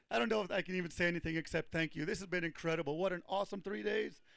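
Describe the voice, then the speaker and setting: A man's voice: sits high, fast, gravelly, fairly bright tone, dry recording. An overexcited man, a tournament angler, gushing thanks after the contest.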